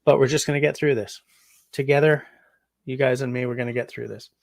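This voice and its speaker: A man's voice: mid-range voice, steady tone, fairly quick, gravelly, a little hiss or hum. A tired Canadian man in his forties hosting a casual livestream, rambling through chat messages with lots of ums. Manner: rambling, chatty, yawning, frequent ums. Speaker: livestream host reading chat.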